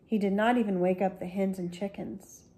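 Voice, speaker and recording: Woman, librarian, children's book read-aloud, slow gentle storytelling, warm mellow voice. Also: mid-range voice, steady tone. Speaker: school librarian.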